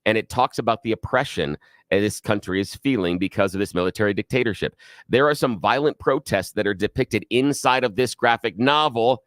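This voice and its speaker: A man co-hosting a talk radio show, telling news stories in an animated, sarcastic way from a studio microphone. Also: on the low side, a little fast, dry recording. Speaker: radio co-host.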